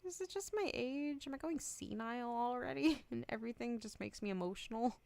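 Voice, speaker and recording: Young woman, streamer, giggly and sweary, smooth voice, dry close sound. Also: a little high, a little fast, a little mellow, no room sound. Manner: rambling and giggly, swears freely. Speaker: VTuber streamer. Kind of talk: casual chat stream.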